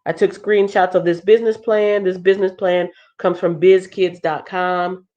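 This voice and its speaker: A woman's voice: lowish voice, little pitch movement, moderate pace, warm tone, highs cut off. A woman hosting a casual livestream walkthrough. She sounds congested and thinks aloud in a chatty way. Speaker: livestream host.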